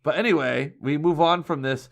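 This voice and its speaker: A male podcast co-host reviews a movie in relaxed, wry chat. He rambles and now and then trips over his words, his voice pitched a little high for a man. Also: moderate pace, creaky. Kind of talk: casual comic review chat.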